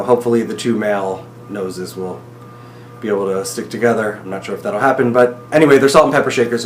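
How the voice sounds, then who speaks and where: A young man talks straight to the camera in a rambling, excited video diary, his voice close to tears at times. The room rings with echo, and soft music plays faintly underneath. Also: mid-range voice. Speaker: groom-to-be recording video messages to his partner.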